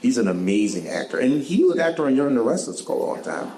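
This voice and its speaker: A man with a Southern US accent answering audience questions at a bookstore author talk, animated and quick to laugh. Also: mid-range voice, poor audio. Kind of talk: casual audience Q&A. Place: bookstore event.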